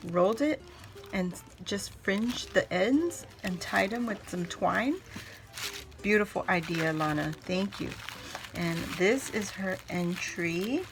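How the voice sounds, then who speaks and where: Slow-talking, gushing woman vlogger. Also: mid-range voice, background noise. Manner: gushing, excitable, repeats words. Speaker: crafting channel host. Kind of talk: casual unboxing vlog.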